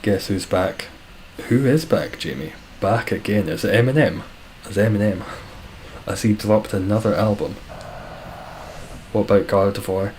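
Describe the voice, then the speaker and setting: A man's voice: on the low side, moderate pace, a little mellow, a little hiss or hum, poor audio. A Scottish man chatting casually on a live stream, reading out viewer comments with dry, self-deprecating humour. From Scotland.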